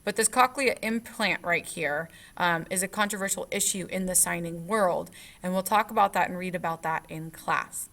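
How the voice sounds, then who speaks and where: A woman's voice: fairly low pitch, normal speed, few pauses, fairly bright tone. A young woman teacher talking through recorded lecture slides in a conversational way, full of fillers and restarts.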